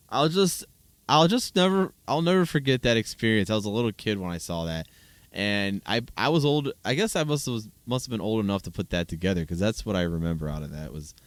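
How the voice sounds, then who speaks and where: A man's voice: on the low side, smooth, no echo. A man in his thirties hosting a solo podcast, chatting casually in a rambling, amused way with frequent restarts. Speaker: podcast host. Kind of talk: solo casual podcast chat reacting to videos.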